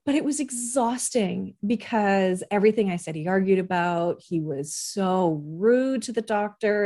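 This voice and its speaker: Candid woman parenting podcast host. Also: mid-range voice. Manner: warm, candid, conversational with many asides. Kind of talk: personal storytelling podcast.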